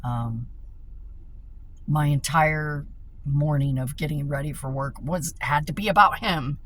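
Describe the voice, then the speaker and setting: A woman's voice: low voice, takes it slowly, long pauses, poor audio. Tired middle-aged woman, rambling profane vlog rant, phone in a car, faint engine hum. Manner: rambling, profane, laughs between thoughts. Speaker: vlogger. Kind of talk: candid venting monologue. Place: inside a car at dawn.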